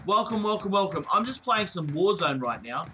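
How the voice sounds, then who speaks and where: A young Australian man live-streaming a shooter game, excitable, swearing and thanking viewers again and again. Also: high voice, normal speed. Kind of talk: live-streamed gameplay chat. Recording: noisy game stream with clicks.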